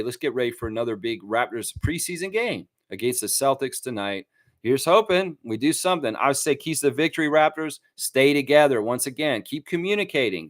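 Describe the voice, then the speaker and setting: A man hosting a casual fan livestream, rambling and animated as he talks to his chat. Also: mid-range voice, no echo. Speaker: fan channel host.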